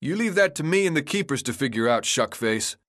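A man voicing a calm, steady teenage leader who speaks firmly with slangy phrasing. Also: a little high, fairly quick, voice pushed up. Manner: calm, firm, slangy drawl.

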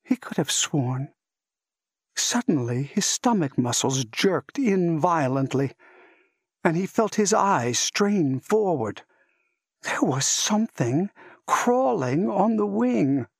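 Casting: male audiobook narrator, husky, unhurried, tense and dramatic. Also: fairly high pitch, very animated, no echo, clean studio sound. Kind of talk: dramatic story reading.

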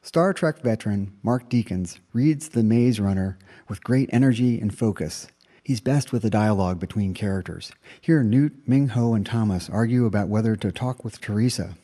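A man hosts an audiobook review podcast, reading a scripted summary in a measured, informative way. His voice is very dark and mellow, pitched on the low side.

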